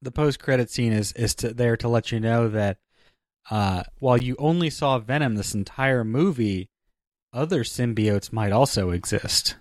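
A man's voice: mid-range voice, moderate pace, no room sound. A man with a middle-range voice drops wry quips into a casual podcast chat. The recording is dry and close. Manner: wry, quipping asides. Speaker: podcast co-host.

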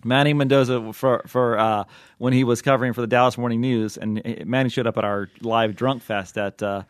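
A man's voice: mid-range voice, steady tone, fairly quick, clean tone, no echo, studio quality. A man hosting a podcast in casual chat, rambling and joking with many restarts. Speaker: podcast host.

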